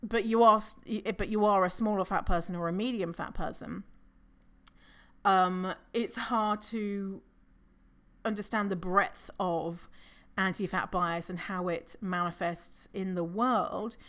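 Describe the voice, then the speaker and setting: A woman hosting a casual solo podcast, chatty and animated, laughing often and swearing casually. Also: medium pitch, a little slow. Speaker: podcast host.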